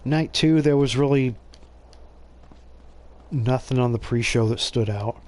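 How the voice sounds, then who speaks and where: A man's voice: medium pitch, measured pace, a little mellow. Rambling, profane male gameplay commentator. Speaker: gaming channel host.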